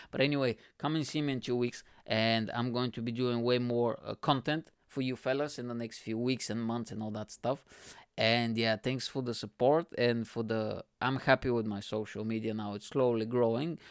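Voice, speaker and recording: A man's voice: mid-range voice, moderate pace, smooth, no echo, clean studio sound. Young man ranting casually, swearing freely. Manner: swearing, animated storytelling with rhetorical questions. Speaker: podcast host and stand-up comedian. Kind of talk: casual solo podcast monologue.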